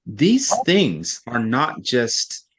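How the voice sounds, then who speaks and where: A man tutoring one student in reading, explaining patiently step by step and often checking in with a quick "right?". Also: mid-range voice, wildly swooping pitch, fairly bright tone, breathy edge.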